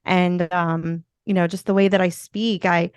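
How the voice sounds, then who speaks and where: A woman's voice: on the low side, little pitch movement, a little slow, clear, resonant tone, no room sound, clean studio sound. A woman from Philadelphia with a Philadelphia accent, a podcast guest and motivational speaker chatting in an upbeat, rambling way, with many fillers. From Philadelphia, USA. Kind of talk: casual interview chat.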